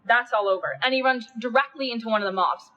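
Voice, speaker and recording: A woman's voice: fairly high pitch, quick pace, lo-fi sound. A woman narrating a story in a casual, wry, chatty way. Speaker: narrator in a documentary-style film.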